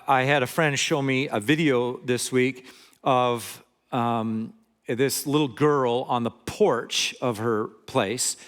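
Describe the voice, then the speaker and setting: A man's voice: mid-range voice, fairly bright tone. An older man from Montana giving a conversational sermon as a guest preacher, reading scripture and adding joking asides.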